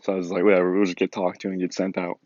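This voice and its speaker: A young man telling a personal story in a casual, animated way, filling his speech with "like". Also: deep voice, very fast, dry recording. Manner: animated, filler-heavy, lots of "like". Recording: dull lo-fi dry recording.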